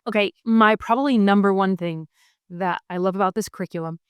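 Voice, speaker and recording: A homeschooling mother in her thirties shares her curriculum picks in a casual explanatory video, speaking a little fast in a clean, medium-pitched voice. She's friendly and enthusiastic, walking through things step by step with frequent ums. The recording is dry and lo-fi.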